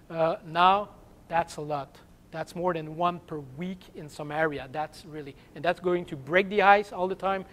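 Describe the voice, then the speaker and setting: French-accented man giving a science lecture. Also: a little high. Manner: hesitant, searching for English words. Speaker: guest seminar speaker. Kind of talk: academic seminar lecture.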